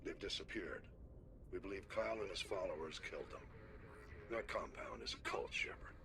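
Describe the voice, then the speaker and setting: Deep-voiced stern admiral. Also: male voice, huge pitch swings, exaggerated voice. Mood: grave. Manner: measured, gruff military briefing. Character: stern veteran male Alliance admiral. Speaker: military commander in a video game. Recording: game audio with noisy background.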